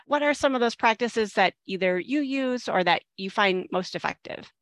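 A woman's voice: fairly high pitch, animated, normal speed, no echo. A woman hosting an interview, asking appreciative questions. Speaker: interviewer host. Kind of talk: interview conversation.

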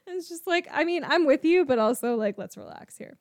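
A woman's voice: high voice, big pitch swings, normal speed, no room sound, clean studio sound. Sarcastic laughing woman co-host. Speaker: podcast co-host. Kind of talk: casual recap chat.

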